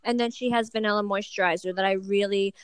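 A woman's voice: medium pitch, fairly even intonation, quick pace, smooth, no room sound. A woman co-hosting a podcast, chatting breezily and sassily about celebrity news. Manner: breezy, sassy gossip. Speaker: podcast co-host. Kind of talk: casual gossip chat.

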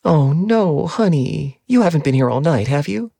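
Man voicing a fussing middle-aged mother, cheerful, high, dry close sound. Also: expressive, moderate pace, creaky, dark tone, no room sound.

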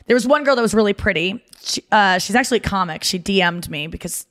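A woman's voice: mid-range voice, expressive, quick pace, fairly bright tone. A woman co-hosting a podcast, chatting casually and telling stories with lots of "like" fillers. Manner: chatty storyteller, many "like" fillers. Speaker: podcast co-host. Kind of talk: casual chat.

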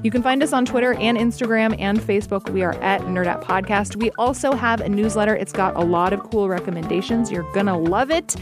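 A woman's voice: medium pitch, brisk, few pauses, music in the background. A woman with a Midwestern American accent hosting a podcast, chatty and playful in casual talk. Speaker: podcast host.

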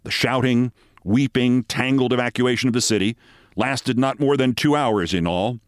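A man reads a literary story aloud with dramatic, vivid storytelling. His voice sits at an ordinary middle pitch. The recording is dry and close, with no room sound around him. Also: normal speed, dry recording. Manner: vivid storytelling, loudly acting out shouted cries. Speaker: host reading a story.

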